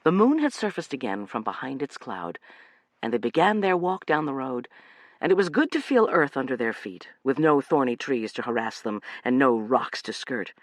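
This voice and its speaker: Male audiobook narrator, lively in pitch, dry close sound. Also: moderate pace, dry recording.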